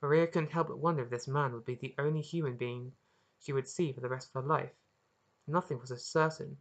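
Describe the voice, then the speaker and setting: Expressive reader of their own story. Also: mid-range voice, fairly quick. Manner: earnest, expressive reading with small restarts. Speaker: author reading own story. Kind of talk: audiobook narration.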